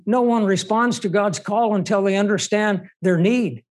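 A man's voice: sits high, normal speed. A man preaching a sermon in an emphatic way, asking rhetorical questions.

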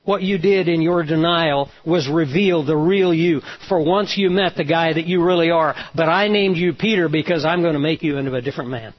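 Pastor guy telling a bible story in a sermon, kinda high voice, dull lo-fi sound. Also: brisk, hardly any pauses. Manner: storytelling preacher, voices quotes with emphasis.

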